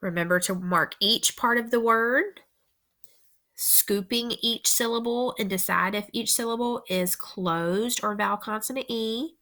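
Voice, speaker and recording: A woman teacher slowly dictating a spelling test to young students, repeating each word with careful, deliberate instructions. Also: a little high, pushed and bright.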